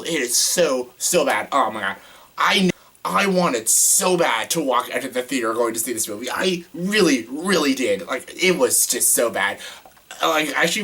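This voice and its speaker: A young man reviews a movie casually, ranting in exasperation, swearing often and saying "like" constantly. His voice is medium-pitched, a bit bright and husky.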